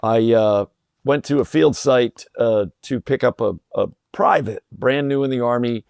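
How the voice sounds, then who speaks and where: Middle-aged guy with a gravelly voice, chatty storyteller, dry close sound, lots of uhs. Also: mid-range voice, measured pace, no echo. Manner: relaxed storyteller with frequent uh fillers and restarts. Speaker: podcast guest, company president. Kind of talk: conversational storytelling.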